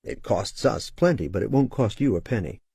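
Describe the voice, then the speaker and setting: A man's voice: fairly low pitch, expressive, normal speed, mellow, breathy edge, no echo, clean studio sound. A man narrating a sales lesson in an assertive, emphatic way, acting out short phone dialogues. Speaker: sales trainer. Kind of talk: audiobook-style instructional narration.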